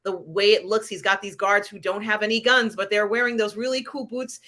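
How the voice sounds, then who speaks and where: Giggly, rambling woman host on a casual livestream, bright voice. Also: mid-range voice, steady tone, fairly quick. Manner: rambling, many fillers, giggly. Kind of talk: casual live-stream pop culture chat.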